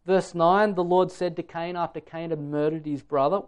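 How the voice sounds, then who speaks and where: A man's voice: fairly high pitch, fairly even intonation, normal speed, clear, resonant tone, dull audio. A man preaching a sermon in an earnest, emphatic way, putting direct questions to his listeners.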